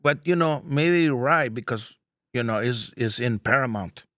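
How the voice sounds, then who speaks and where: A man doing a comedic voice of an older, shifty, laid-back male landlord who talks in halting broken English with a drawl. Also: mid-range voice, a bit bright, no room sound, clean studio sound, lightly acted. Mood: deadpan. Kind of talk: comedic character bit on a podcast.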